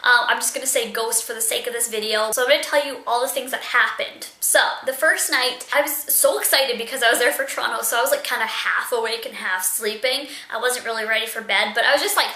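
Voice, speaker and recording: A woman's voice: fairly high pitch, fast, hardly any pauses, bright, forceful tone. A young woman telling a story in a casual, chatty vlog, with lots of fillers. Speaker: vlogger. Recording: echoey room.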